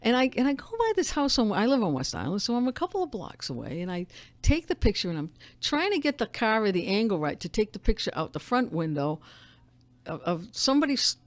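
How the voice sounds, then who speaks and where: A woman, a newspaper editor telling stories as a guest in a casual radio interview, animated and full of restarts. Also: mid-range voice, fairly quick, dry recording. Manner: animated storyteller, frequent restarts and laughs.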